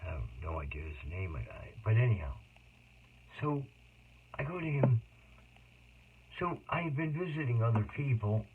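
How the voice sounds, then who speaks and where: A man telling a personal story in a rambling, emotional monologue with sudden loud outbursts. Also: medium pitch, big pitch swings, moderate pace, pauses often. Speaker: autobiographical storyteller. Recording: tinny phone-like noisy recording.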